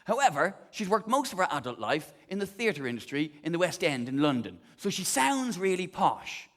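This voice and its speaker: A man's voice: high voice, sing-song, normal speed, fairly bright tone. A man performing live stand-up comedy on a theatre stage, ranting animatedly and swearing freely into a stage mic. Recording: long theatre hall reverb.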